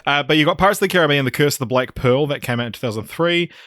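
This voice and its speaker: A man's voice: fairly high pitch, rapid-fire, fairly bright tone, no room sound, studio quality. A man co-hosting a podcast in casual chat, rambling and laughing as he goes. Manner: chatty, laughs often, rambling. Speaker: podcast co-host.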